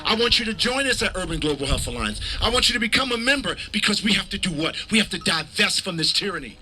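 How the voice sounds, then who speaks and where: A man giving a passionate rally speech outdoors, preacher-like, building to shouted call-and-response with the crowd. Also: sits high, big pitch swings, fast, low-quality recording. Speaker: rally speaker. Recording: crowd noise in the background.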